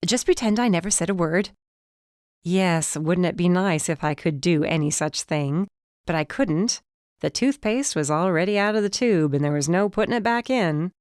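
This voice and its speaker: A woman giving first-person audiobook narration, lively and rising in pitch when the dialogue turns heated. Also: moderate pace, clear, resonant tone, no echo, clean studio sound.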